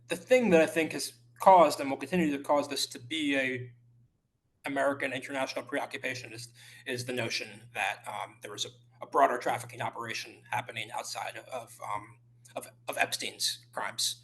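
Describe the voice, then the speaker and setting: Halting man answering questions. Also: mid-range voice, a bit bright. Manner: halting, many restarts and fillers. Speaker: journalist guest. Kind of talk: podcast interview answers. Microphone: remote call.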